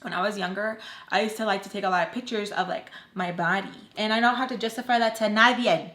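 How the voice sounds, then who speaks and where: A woman's voice: medium pitch, fast talker, a bit bright, echoey room. A young woman telling a storytime vlog in a casual rant, full of fillers and quoted back-and-forth. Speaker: vlogger.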